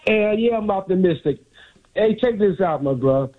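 Man, radio caller, argumentative, halting, very high voice, tinny phone line. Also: animated. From Miami. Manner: challenging, halting. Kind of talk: argumentative sports call-in.

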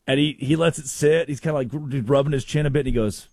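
A man's voice: mid-range voice, fast, no echo, studio quality. A man hosting a comedic sports talk show, telling stories and mimicking people. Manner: storytelling, mimics people in quotes, animated. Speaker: radio show host.

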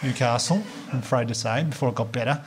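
A stand-up comedian in his thirties with an Australian accent tells stories fast in a mid-range voice, with a slight hiss or hum behind him. He's lively and swears freely, laughing through punchlines and acting out what people said.

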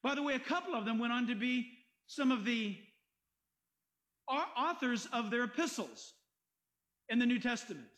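High-voiced, emphatic male pastor preaching. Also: poor audio. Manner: animated, emphatic preaching with Bible readings and rhetorical questions. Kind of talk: sermon.

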